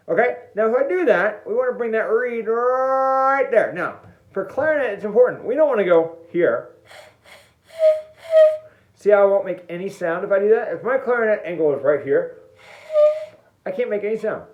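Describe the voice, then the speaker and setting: Man, music teacher, lively voice, playful and jokey, echoey room, dull lo-fi sound. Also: high voice, a little fast. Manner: playful and jokey, demonstrating step by step. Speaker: band teacher. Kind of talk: online music lesson.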